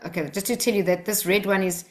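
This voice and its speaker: A woman teaching a live workshop, coaching the group gently and acting out phrases to say to children. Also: medium pitch, fairly even intonation, fast talker. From Australia.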